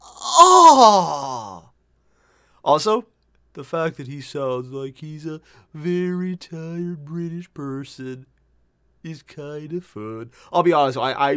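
Reaction host, excitable, swears, animated pitch, dry close sound. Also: dry recording. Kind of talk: casual reaction commentary.

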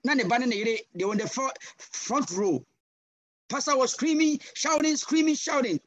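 A man with a Ghanaian accent preaching a sermon over a video call, passionate and switching between English and Twi with sudden loud cries. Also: extremely high pitch, normal speed, no room sound, highs cut off. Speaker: guest pastor.

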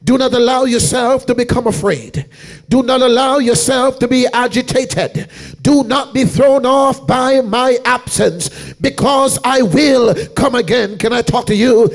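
A man with a very high voice preaches a revival sermon in a church, with faint music behind him. He keeps calling out to the congregation in a rhythmic cadence. His delivery rises from hushed storytelling to shouted, almost sung climaxes. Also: unhurried. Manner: rhythmic preaching with repeated call-outs to the congregation. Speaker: evangelist.

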